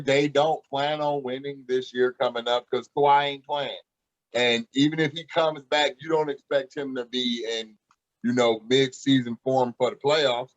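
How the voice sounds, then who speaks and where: A man co-hosting a sports podcast, explaining his view in a calm, measured way. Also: medium pitch. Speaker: podcast co-host. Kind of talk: casual sports debate. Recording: dull lo-fi podcast audio.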